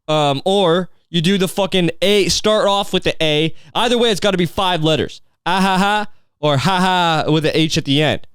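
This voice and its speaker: A man's voice: a little high, normal speed, hardly any pauses, fairly bright tone, smooth, no room sound, clean studio sound. Rambling, profane young man on a podcast. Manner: rambling, profane, many fillers and restarts. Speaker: podcast host. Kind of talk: casual comedic rant.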